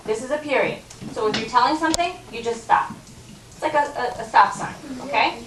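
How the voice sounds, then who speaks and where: A woman's voice: on the high side, a little fast, recorded from a distance. A woman teaching first graders to read, patient and coaxing, often checking in with the class. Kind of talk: classroom reading lesson. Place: elementary school classroom. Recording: roomy classroom recorded from afar, noisy.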